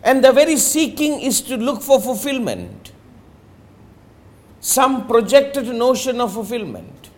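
A man teaching about meditation in an emphatic, rhetorical way. He slows down on key phrases, sometimes drops to a near-murmur, and keeps asking "you understand?". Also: very high voice, sing-song. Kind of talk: spiritual talk.

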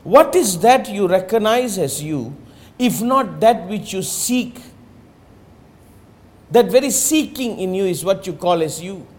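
High, lively-voiced man giving a spiritual talk. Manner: emphatic, rhetorical, repeats "you understand?"; slows on key phrases, drops to near-murmur. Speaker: meditation teacher.

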